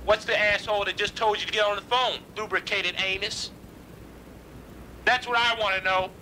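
A furious man hurls threats and curses down a phone line. His voice sits very high and sounds piercingly bright, with a faint hiss of noise behind it. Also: fairly even intonation, moderate pace. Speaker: angry caller. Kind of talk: prank phone call.

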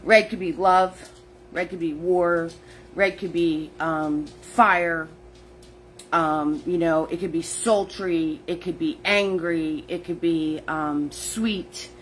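A woman's voice: fairly low pitch, steady tone, takes it slowly, a little hiss or hum, rough recording. A woman hosting a live painting lesson, chatty and laughing often, greeting viewers by name as she explains terms. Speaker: painting class host.

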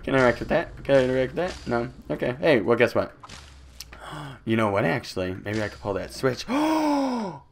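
A man giving playful let's-play commentary, goofy and taunting, with sudden loud outbursts. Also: medium pitch, fast talker, vocal fry, a little hiss or hum. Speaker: gameplay commentator.

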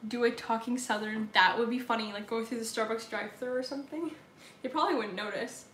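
Bright-voiced young woman chatting on a livestream. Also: a little high, fast talker, echoey room, slight background noise. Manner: chatty, reading and answering viewer comments. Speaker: livestream host. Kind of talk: casual live-stream chat. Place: home kitchen.

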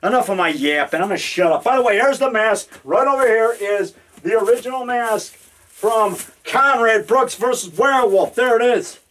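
High-voiced rambling man in his fifties. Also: normal speed. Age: 50s. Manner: excitable, rambling, growls mock monster roars. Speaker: independent horror filmmaker. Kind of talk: rambling home video chat. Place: home basement. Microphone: handheld digital camera.

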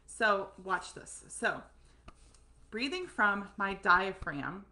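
Excited woman teaching breathing to camera. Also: medium pitch. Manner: excited, fast-talking, animated asides. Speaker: course instructor. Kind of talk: teaching an online course to camera.

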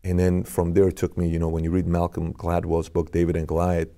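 A man's voice: deep voice, monotone, fairly quick, warm tone. A middle-aged man, a podcast guest, telling a personal story in an earnest, questioning way.

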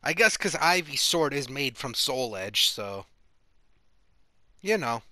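A man casually commentating a fighting game, hoarse and excitable, with loud exclamations. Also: mid-range voice, slow pace, no echo. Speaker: gaming commentator. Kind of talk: casual let's play commentary. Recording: commentary over game music.

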